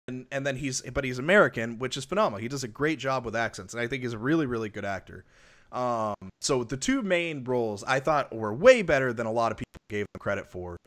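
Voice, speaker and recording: Chatty, rambling male podcast host. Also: mid-range voice. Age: adult with a wife and kids. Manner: rambling, lots of restarts and fillers; animated when retelling stories. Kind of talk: casual movie review chat.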